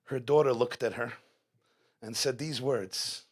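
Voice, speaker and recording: A man's voice: mid-range voice, fairly even intonation, a little slow. A man speaking as guest speaker at a live religious gathering, delivering a dramatic inspirational talk full of repeated rhetorical questions. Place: event hall, live before an audience.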